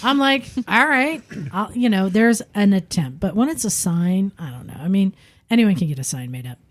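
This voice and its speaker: Podcast co-host, woman, lively casual storyteller. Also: mid-range voice, a little fast. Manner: animated storyteller, acts out quoted voices.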